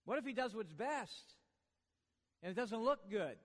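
A man preaching a sermon in a church, swinging from hushed lines to booming ones with joking asides. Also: lively intonation, a little slow, big-room sound. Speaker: pastor.

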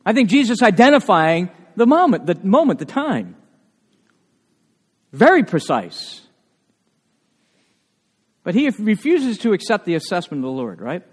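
A male pastor preaching a sermon in a church, animated and emphatic, with frequent asides to the congregation. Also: high-pitched, a little slow, pauses often, breathy edge. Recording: long reverb of a large hall.

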